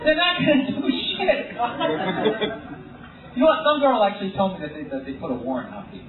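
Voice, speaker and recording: A man's voice: high voice, big pitch swings, brisk. A male stand-up comedian telling wry, profane stories in a live routine. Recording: distant, tinny, echoey live room with crowd.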